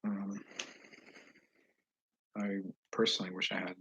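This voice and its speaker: Low, husky man with a Northeast US accent. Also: completely flat delivery, dull audio. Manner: rambling, slow, with frequent pauses and fillers that trail off into quiet asides. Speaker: channel host answering viewers. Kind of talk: casual live chat.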